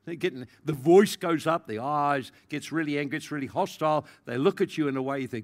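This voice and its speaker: A man preaching a sermon, acting out the people he describes and swinging between loud and soft. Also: normal speed. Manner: animated, acts out quoted voices, big swings in pitch and loudness. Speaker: pastor.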